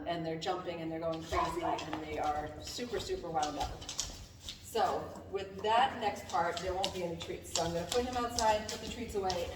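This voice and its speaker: A woman dog trainer giving a calm, casual lesson, softly praising her dog between explanations. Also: on the low side. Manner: calm, soft-spoken, praises the dog often. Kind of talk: casual instructional talk. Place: indoors at home with a dog. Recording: distant mic in an echoey room with long reverb and noise.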